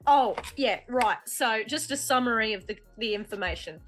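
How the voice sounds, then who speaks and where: A woman's voice: a little high, lively intonation, moderate pace. A woman playing her character in a tabletop game, casual and rambling with jokes. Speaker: player. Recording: faint music behind.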